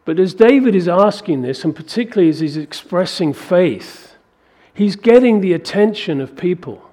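A man's voice: high-pitched, moderate pace. Preacher man acting out scripture. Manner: animated, acts out biblical dialogue in raised voice. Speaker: pastor. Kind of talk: sermon.

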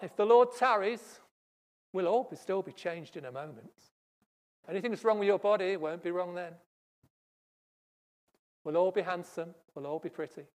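A preacher delivering a sermon, stressing points loudly and then dropping to hushed asides. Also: medium pitch. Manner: emphatic, swings from loud stresses to hushed asides. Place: church service.

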